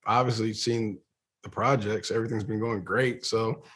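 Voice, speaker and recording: A man's voice: on the low side, steady tone, normal speed, fairly bright tone, husky. A man being interviewed as an actor, chatting casually and rambling with many restarts and fillers.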